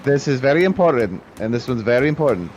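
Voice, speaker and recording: A man's voice: mid-range voice, big pitch swings, quick pace, a crowd in the background, natural voice. Casting: a protective, fussy dwarf, voiced by a man, repeating every warning, on a dull mic. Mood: insistent.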